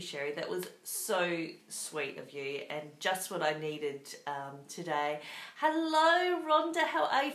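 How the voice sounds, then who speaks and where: An Australian woman with a fairly bright voice on the high side hosts a live craft show from her home craft room. She is bubbly and chatty, greeting viewers by name, and the room sounds echoey.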